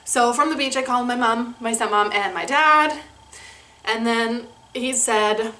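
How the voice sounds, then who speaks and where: A woman's voice: fairly high pitch, unhurried, bright, forceful tone. A young woman vlogger gushing through a personal story in casual chat, laughing often. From Canada.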